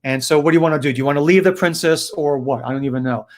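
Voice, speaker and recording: A man's voice: fairly high pitch, rapid-fire, natural voice. A man voicing a jovial male exorcist who jokes playfully with a demon. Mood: teasing. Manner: joking, playful, friendly.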